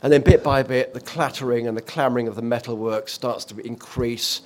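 A man's voice: medium pitch, fairly even intonation, a little fast, darkish tone. Guy, ex radio presenter, telling an old story, lots of uhs and restarts, mid voice. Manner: vivid storytelling with frequent fillers and restarts. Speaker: former offshore radio presenter. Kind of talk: reminiscing in conversation.

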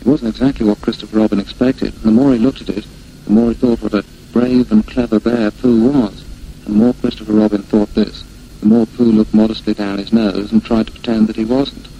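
A man reading a children's storybook aloud in a gentle, unhurried way. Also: lowish voice, level tone, highs cut off, a little hiss or hum.

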